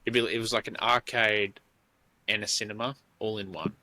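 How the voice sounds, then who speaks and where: A man's voice: lowish voice, fairly even intonation, moderate pace, bright, forceful tone. An Australian man in his thirties, co-hosting a podcast and telling rambling, sweary stories. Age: 30s. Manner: swears freely, rambling storytelling. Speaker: podcast co-host. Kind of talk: casual chat.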